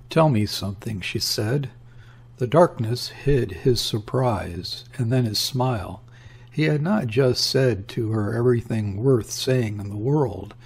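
A male reader narrates a literary tale in a measured, deliberate way. His voice is somewhat husky and mid-pitched. He takes the lines very slowly. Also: darkish tone. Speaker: audiobook reader.

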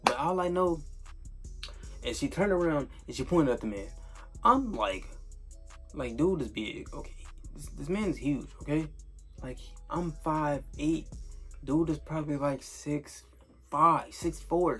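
A young man with a fairly high, husky voice tells a story in a casual vlog. He rambles, swears, and leans heavily on filler tags.

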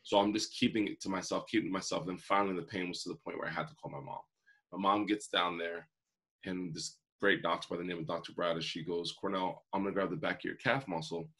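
This earnest, vivid storyteller is a man in his forties and a motivational speaker, recounting his life as an interview guest and acting out quotes. He's a fast talker with a low voice, fairly even intonation, a sharp tone, and a breathy edge.

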